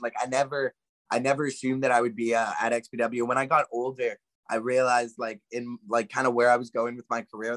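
Canadian man, wrestler guest, relaxed and profane, filler-heavy. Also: mid-range voice, dry recording. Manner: laid-back, profane, many fillers. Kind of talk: casual interview chat.

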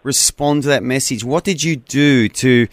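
A man's voice: medium pitch, normal speed, dry recording. Earnest male talkback radio host. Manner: earnest, encouraging, conversational. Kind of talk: Christian talkback radio hosting.

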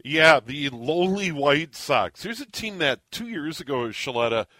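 A man talking sports on the radio in a measured, analytical way. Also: fairly high pitch, expressive, pushed and bright, no echo. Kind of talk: sports commentary chat.

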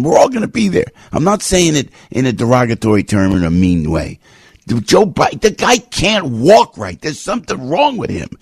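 A man's voice: high-pitched, darkish tone, husky, dry recording. A man hosting a talk radio show, speaking in a fired-up, indignant and rambling way from a radio studio.

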